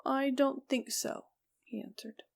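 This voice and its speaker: A woman reading a Victorian ghost story aloud as an audiobook narrator, slow and even, dropping softly on the speech tags. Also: high-pitched, creaky.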